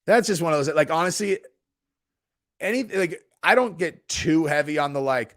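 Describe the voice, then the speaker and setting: A man's voice: fairly high pitch, normal speed, no room sound, studio quality. A man hosting a casual live stream from home, answering chat in a laid-back, profane way and saying "dude" constantly. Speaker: streamer host. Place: home in Texas.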